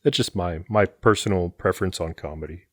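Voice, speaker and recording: A man's voice: sits low, a little fast, no room sound. A man on a movie podcast who talks casually, packing his speech with fillers like "like" and "you know.". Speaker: podcast co-host. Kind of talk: casual movie-review chat.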